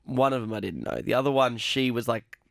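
A man's voice: medium pitch, lively intonation, brisk, gravelly, fairly bright tone, no echo, studio quality. A young adult man co-hosting a casual film review podcast, retelling scenes in a rambling way full of "like". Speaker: podcast co-host.

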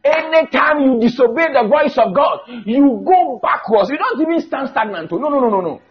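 Male preacher, very high animated voice, shouts and stretches out scripture; muffled church recording. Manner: shouting, drawn-out emphatic Bible quotes. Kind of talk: fiery sermon. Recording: dull lo-fi church recording with faint music.

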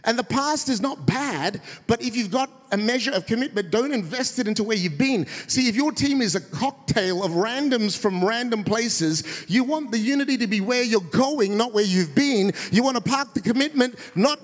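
A high-voiced man preaching a lively, story-filled sermon, breaking into a high shout when he plays the people in his stories. His voice carries through a church auditorium with a long reverb. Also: moderate pace, hardly any pauses. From of Indian heritage. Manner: animated, acts out quoted voices in a high shout. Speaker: guest preacher.

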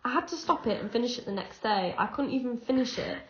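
A young woman co-hosting a podcast, talking in animated, giggly casual chat. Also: a little high, fast talker. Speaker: podcast co-host. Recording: echoey room, dull lo-fi sound.

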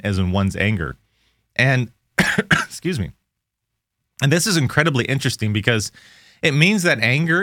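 A man's voice: medium pitch, a bit bright, no room sound, clean studio sound. A man hosting a Bible study podcast, explaining Scripture in an earnest, casual way and reading verses aloud. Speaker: podcast host teaching Scripture.

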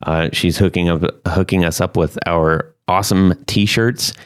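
A man's voice: low-pitched, steady tone, a little slow, clean tone. A man hosting a casual guitar podcast, chatty and joking, with lots of fillers. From United States. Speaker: podcast host.

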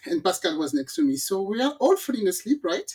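A woman from the Caribbean hosting a podcast, telling a story in a lively, casual way and acting out the people in it. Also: medium pitch, brisk, husky. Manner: animated storyteller, acts out quoted voices. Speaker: podcast host.

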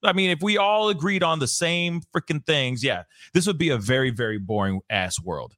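A man's voice: a little high, lively intonation, moderate pace, fairly bright tone, no room sound, studio quality. Laid-back slangy male host. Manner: laid-back, slangy, self-correcting with jokes. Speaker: podcast host. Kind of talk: casual chat.

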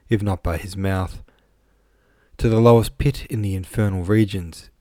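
A man with a deep voice reads a classic novel in the first person. His delivery is measured and even, recorded dry and close with no room sound. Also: no room sound. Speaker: audiobook narrator.

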